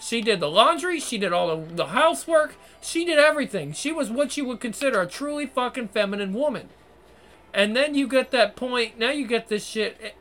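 A man's voice: extremely high pitch, lively intonation, normal speed, fairly bright tone. A man ranting to his viewers in a crude, repetitive, exasperated way, swearing constantly. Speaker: vlogger. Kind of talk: profane monologue rant to viewers.

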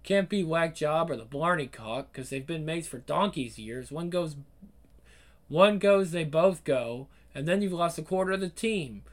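A crude cynical British schemer. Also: male voice, fairly high pitch, expressive, measured pace. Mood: scheming. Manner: crude, cynical, coolly calculating. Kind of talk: scripted screen drama.

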